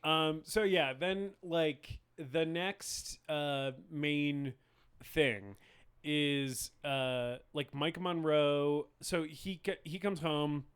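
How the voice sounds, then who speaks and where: Podcast co-host: young man from rural Arizona, fairly high voice, chatty and profane, full of fillers and laughs. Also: fairly even intonation, very slow, fairly bright tone, clean tone. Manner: rambling, filler-heavy, laughs a lot, swears, acts out movie lines. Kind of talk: casual film podcast chat.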